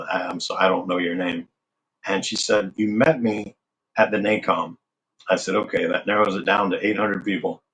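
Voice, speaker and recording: Low-voiced man telling a story. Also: a bit bright, poor audio. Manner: conversational, acts out remembered dialogue. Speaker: interview guest. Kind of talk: casual storytelling.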